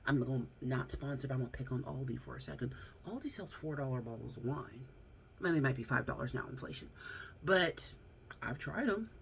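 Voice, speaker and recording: An American YouTuber vlogs casually from home, seated close to her phone's front camera and rambling with plenty of fillers and frequent laughter. Her voice is very deep and a little creaky, with lively intonation and a slightly fast pace. There's a faint hiss or hum in the recording.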